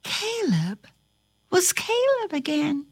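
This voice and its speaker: A woman's voice: very high voice, huge pitch swings, takes it slowly, no echo. A woman reading a storybook aloud in a theatrical manner, slipping into whispers and sudden exclamations, then chatting to her listener about the book. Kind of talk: dramatic read-aloud storytelling.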